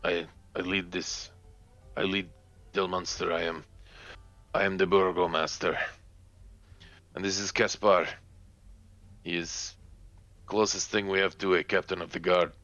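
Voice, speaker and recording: A man's voice: deep voice, level tone, a little slow, long pauses, fairly bright tone, dry recording, lo-fi sound. A man voicing a courteous old male burgomaster with a put-on Eastern European accent, speaking stiffly. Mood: formal.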